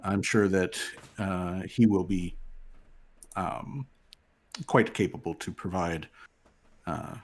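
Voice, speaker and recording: A man voicing a courteous male city official in a tabletop game, speaking slowly and formally with filler pauses. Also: low-pitched, steady tone. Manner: slow, formal, hesitant with fillers.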